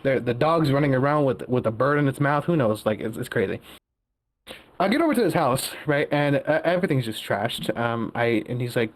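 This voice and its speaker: A man's voice: mid-range voice, expressive, a little fast. Young man telling a story, laughing. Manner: laughs often, restarts phrases. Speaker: guest caller. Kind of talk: casual storytelling.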